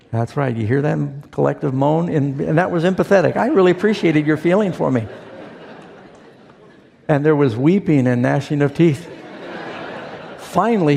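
Male preacher, mellow gravelly voice, storytelling sermon with acted-out quotes, church hall reverb. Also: on the high side, expressive, moderate pace, long pauses. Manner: storytelling with acted-out quotes, asks the congregation questions. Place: church sanctuary.

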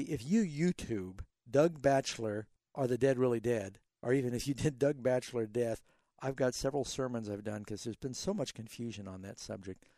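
Mellow-voiced radio pastor answering callers. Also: male voice, mid-range voice, dry recording. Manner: explanatory, tells illustrative stories, animated emphasis. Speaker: radio Bible show host, pastor. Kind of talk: call-in radio Bible answers.

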